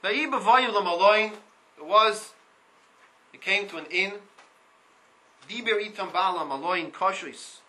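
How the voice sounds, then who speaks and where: High, bright-voiced male Torah teacher. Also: slow pace, long pauses, rough recording. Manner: reads Hebrew text and translates line by line; animated, repeats words. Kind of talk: Torah class.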